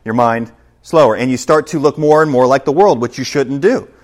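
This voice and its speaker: A man preaching a sermon in a church as pastor, emphatic, shifting between loud passages and hushed ones. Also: medium pitch, fairly quick.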